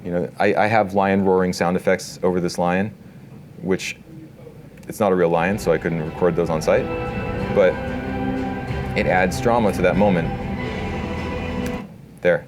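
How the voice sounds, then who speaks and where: A man giving a casual live workshop talk to an audience in an event space, relaxed and talkative, full of filler words. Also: sits low, a little slow, long pauses, over music. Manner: relaxed, talkative, many "like" and "you know" fillers.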